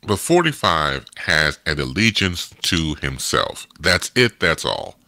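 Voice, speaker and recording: A man's voice: a bass voice, sing-song, slow, pushed and bright, dry recording. A man in casual radio chat, joking and laughing often.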